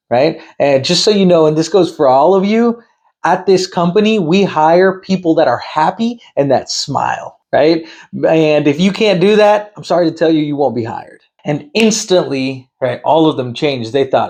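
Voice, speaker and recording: A man's voice: fairly high pitch, animated, normal speed, darkish tone. A man who hires sales reps, giving direct, conversational advice and tagging his points with "right?" and "okay?". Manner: direct, firm. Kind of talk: advice talk to camera.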